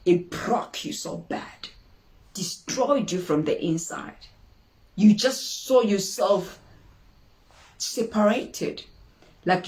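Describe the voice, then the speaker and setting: A woman's voice: mid-range voice, darkish tone. A woman hosting an inspirational talk, speaking with emphatic repetition and acting out dramatic quotes. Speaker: inspirational show host.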